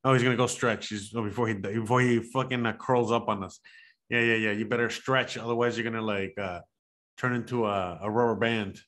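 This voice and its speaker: A man's voice: fairly low pitch, fairly even intonation, brisk. Crude, joking man streaming a game. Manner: loud, crude joking banter with swearing. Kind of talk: casual gaming chat.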